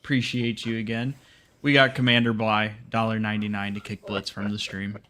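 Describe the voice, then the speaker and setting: A man reads donations aloud on a casual stream, moving briskly from one shout-out to the next. His mid-pitched voice is bright, with faint noise behind it. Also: little pitch movement. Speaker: co-host reading donations.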